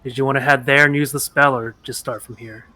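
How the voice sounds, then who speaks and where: A man at a tabletop session with a bright, forward voice. He chats casually and drifts into his character's voice at times. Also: mid-range voice, fairly even intonation, fairly quick, no room sound. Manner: speaks in character now and then. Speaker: player. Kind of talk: casual tabletop role-play.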